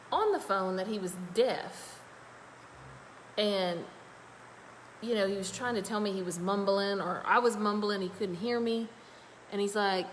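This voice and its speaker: A woman's voice: mid-range voice, a little hiss or hum, poor audio. A woman with a Louisiana accent, chatting in a rambling, folksy way as she tells a story while doing her makeup. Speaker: makeup vlogger. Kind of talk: casual storytelling livestream.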